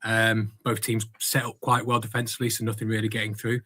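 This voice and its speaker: A man's voice: fairly low pitch, monotone, pushed and bright. A man co-hosting a casual football podcast, giving a chatty match review as an away fan. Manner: fast, chatty match analysis. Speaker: podcast co-host.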